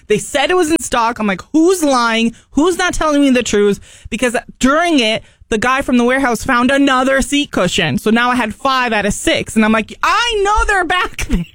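A woman co-hosting a radio talk show, telling a story in a lively, animated way and laughing often. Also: sits high, normal speed, few pauses, no room sound. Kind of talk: casual storytelling chat.

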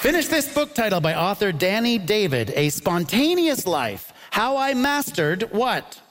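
High-voiced male comedy host before a crowd. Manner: upbeat, quick to laugh, mock-announcer delivery. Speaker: game show host. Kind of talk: comedy debate show hosting. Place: stage before a live audience. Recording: lively crowd and loud noise behind.

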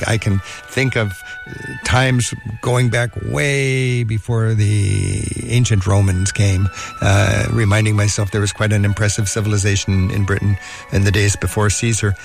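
A man's voice: fairly low pitch, creaky. A man hosting a radio travel show and interviewing a guest, musing with enthusiasm.

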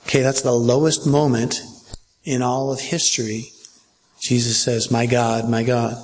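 In a church, a male pastor preaches a sermon emphatically, repeating phrases and asking listeners whether they follow. His mid-range, darkish voice stays level and runs a little slow, with slight background noise.

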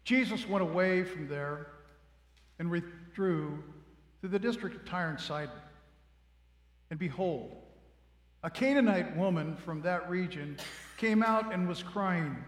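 A man giving a measured, solemn liturgical Gospel reading as clergy in a church. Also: a little high. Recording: echoey church with long reverb.

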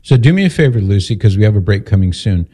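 A man hosting a call-in radio show, calmly steering the caller with summarizing questions. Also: fairly low pitch, quick pace, husky. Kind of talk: advice call-in radio talk.

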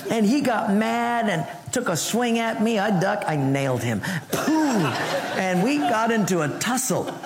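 A man preaching a sermon, telling a personal story and acting out the voices in it, sometimes dropping to a hush. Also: high voice, animated, unhurried, crowd noise. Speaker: pastor. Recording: long hall reverb, faint ambience.

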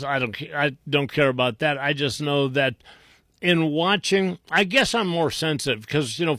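An older man giving a casual opinion monologue, rambling and halting with many fillers and restarts. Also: medium pitch, fairly bright tone, dry recording, studio quality. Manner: mocking whiny voices when quoting others. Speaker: political commentator.

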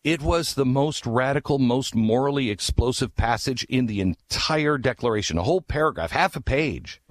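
Speaking passionately about history, a man uses rhetorical questions and shifts from hushed low asides to urgent, raised key points. His delivery is expressive and moderately paced. The recording is studio quality with no echo.

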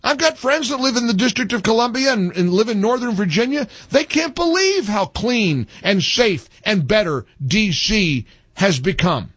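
A man hosting a political commentary show, delivering an opinionated monologue in a sarcastic, indignant manner with animated emphasis. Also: high voice, moderate pace, hardly any pauses, slightly rough, no room sound.

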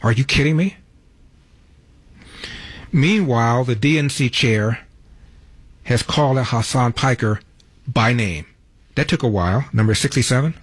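A man's voice: mid-range voice, measured pace, pauses often, breathy edge, dry recording. A man hosting a talk radio show, delivering a brash, wisecracking monologue from a studio. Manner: brash, wisecracking, self-mocking titles.

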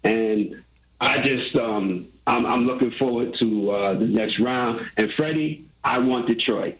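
A man phones in to a sports radio show, teasing the hosts and pausing often with fillers. His voice sounds dull and roomy, like a muffled, echoing phone line. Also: mid-range voice. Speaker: caller. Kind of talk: phone-in chat.

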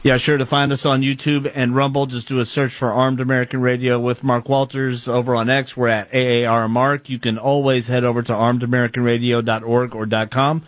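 A man's voice: mid-range voice, flat delivery, a little fast, hardly any pauses, dry recording. A man co-hosting a talk radio show, laid-back and matter-of-fact, reading out where to find the show. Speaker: co-host and producer. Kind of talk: casual talk radio banter.

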